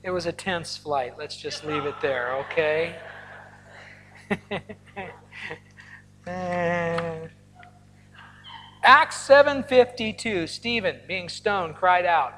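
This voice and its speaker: A man's voice: fairly high pitch, very slow, pauses often, noisy background. A man delivers a sermon to a congregation, mixing teaching with personal stories and playful asides. His voice rings out through a large hall with a long reverb tail. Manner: storytelling, animated asides with laughter. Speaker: pastor. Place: large hall or church auditorium.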